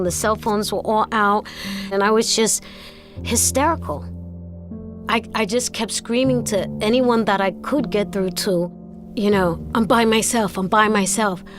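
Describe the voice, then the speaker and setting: A woman telling a personal story as an interview guest, animated and stammering into repeats. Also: medium pitch. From Brooklyn, New York. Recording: music playing underneath.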